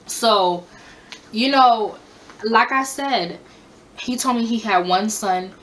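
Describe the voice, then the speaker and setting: A woman's voice: a little high, slow pace, fairly bright tone. A woman in her twenties tells a storytime in a casual monologue. She is blunt and swears a lot, and she repeats her advice for emphasis. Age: 20s. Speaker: storytime vlogger.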